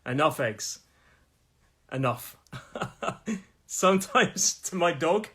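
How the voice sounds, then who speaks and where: Middle-aged english guy teaching pronunciation live, bit higher voice, chatty, voice going a little. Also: animated, pushed and bright, breathy edge. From England. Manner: chatty, repeats each word slowly, laughs at own jokes. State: losing his voice. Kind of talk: live-streamed pronunciation lesson.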